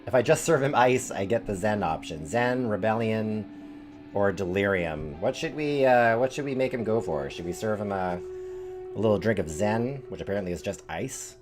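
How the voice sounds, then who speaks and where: Male streamer, low voice, chatty thinking aloud, faint music behind. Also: animated, moderate pace. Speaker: streamer playing a story game. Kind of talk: casual live-stream commentary.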